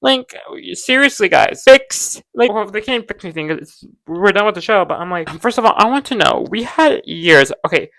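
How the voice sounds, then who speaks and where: A woman's voice: medium pitch, expressive, moderate pace, few pauses, fairly bright tone, dry recording, low-quality recording. A young woman vlogging from home about a TV show in a gushing, dramatic way, filling her talk with "like". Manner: gushing, dramatic, full of "like" fillers. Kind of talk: casual chatty pop-culture vlog. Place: home room with ring light. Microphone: close camera mic.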